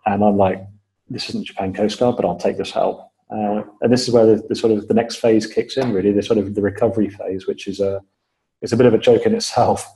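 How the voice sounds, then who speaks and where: Low, mellow-voiced man telling a story. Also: steady tone, rough recording. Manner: measured, step-by-step retelling with frequent fillers; repeats key phrases for emphasis. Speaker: podcast guest. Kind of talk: storytelling in an interview.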